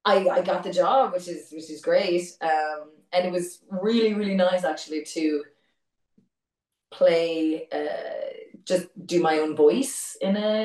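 A woman's voice: fairly low pitch, a little mellow. A woman with an Irish accent, a voice actor chatting as an interview guest, talking casually, laughing easily and restarting her words. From Ireland. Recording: echoey room, distant mic.

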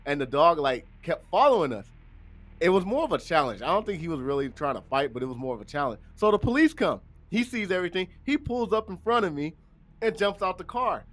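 A man co-hosting a podcast, telling a story in casual chat and loudly acting out his own quotes. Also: a little high, sing-song, a little fast. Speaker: podcast co-host.

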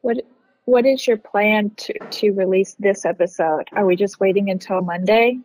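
A woman's voice: medium pitch, normal speed, a little mellow, rough recording. A woman co-hosting a podcast in casual chat, giving short teasing replies. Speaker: podcast co-host.

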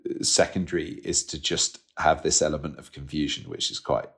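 Low-voiced man, candid and rambling. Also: a little fast, gravelly. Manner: candid, rambling, laughs often, trails off. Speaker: podcast guest. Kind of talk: conversational interview.

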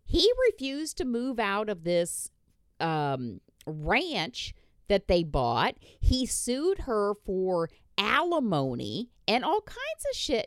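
A woman's voice: mid-range voice, wildly swooping pitch, slow, dry recording. Woman podcaster ranting, lots of cussing, voice jumps all over, dry close sound. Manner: blunt, profane ranting. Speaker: podcast host. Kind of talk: casual chat.

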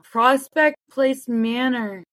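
Excited woman guest, chatty and gushing. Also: on the high side, slow pace, no echo, low-quality recording. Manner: excited, lots of "like" fillers. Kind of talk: casual conversation.

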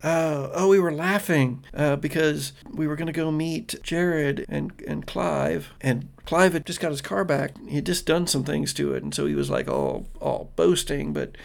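A man with a gravelly voice voicing a confused, teary young woman who stammers and trails off. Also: on the high side, expressive, normal speed, few pauses.

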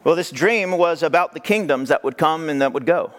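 Animated man preaching a sermon. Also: fairly quick. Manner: animated, acts out quoted voices with big pitch jumps; conversational preaching with rhetorical questions. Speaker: pastor.

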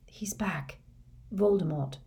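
A woman's voice: fairly low pitch, moderate pace, creaky, mellow. A woman voicing a hurt, shaken teenage boy who whispers and mutters in a daze, in a storybook reading. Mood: dazed.

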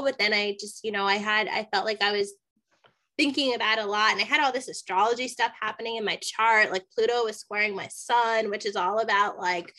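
A woman guest on a podcast telling a personal story in casual chat, acting out the dialogue and often saying "like". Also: fairly high pitch. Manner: animated, acts out dialogue, many "like" fillers.

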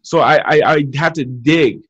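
Energetic higher-voiced man, muffled audio. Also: a little slow, breathy edge. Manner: energetic, repetitive, coaching tone. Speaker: guest. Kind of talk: motivational interview talk.

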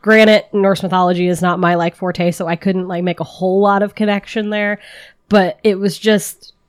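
A woman's voice: mid-range voice, fairly even intonation, moderate pace, smooth. A woman co-hosting a comics podcast, chatting casually with lots of "like" and small laughs. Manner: chatty, full of "like" and little laughs. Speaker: podcast co-host. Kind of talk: casual chat about comics.

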